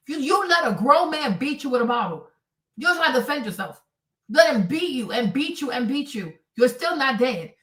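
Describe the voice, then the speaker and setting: A high-pitched woman talks a little away from the microphone, and her voice rings in a roomy, echoing space. She comments bluntly on a news clip, swearing freely and mocking the people in it with acted-out quotes. Her tone stays sarcastic and scornful throughout. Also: lively intonation, moderate pace, pushed and bright, recorded from a distance. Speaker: commentary streamer. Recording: echoey room, voice away from the mic.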